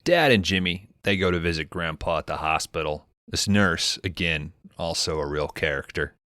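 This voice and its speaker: A man's voice: low voice, moderate pace, bright, forceful tone, dry recording, studio quality. A man hosting a podcast, retelling a movie's plot in casual, comedic chat and acting out characters' lines in bursts. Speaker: podcast host.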